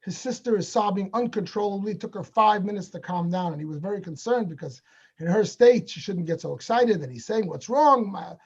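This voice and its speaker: A man with a high voice tells a story to a religious gathering and slips into the people he quotes as he goes. He comes through a video call, and the sound is dull and lo-fi. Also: a little fast, husky. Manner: animated storyteller acting out dialogue. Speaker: speaker at a Hasidic gathering. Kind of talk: storytelling talk.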